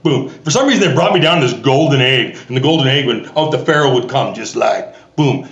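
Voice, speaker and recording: A man's voice: mid-range voice, a little fast, highs cut off. Roomy-sounding Canadian man telling a story. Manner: animated storyteller acting out quoted voices. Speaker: guest, theatre festival artistic director. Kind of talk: storytelling in a podcast interview.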